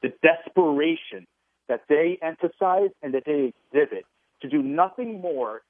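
A man's voice: fairly high pitch, lively intonation, moderate pace, dry recording. A man calling in as a radio show guest, talking in an indignant, heated way. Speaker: guest, gun rights advocate. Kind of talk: phone interview on talk radio. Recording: tinny phone line, dry.

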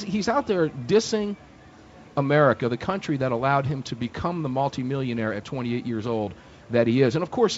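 A man's voice: medium pitch, a little hiss or hum. Opinionated male talk radio host, emphatic and indignant, live from a fair booth. Dull lo-fi broadcast sound.

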